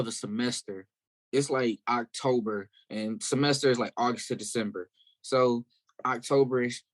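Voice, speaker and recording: A man from South Carolina, a guest musician in a casual interview, telling stories in a candid, animated way. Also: medium pitch.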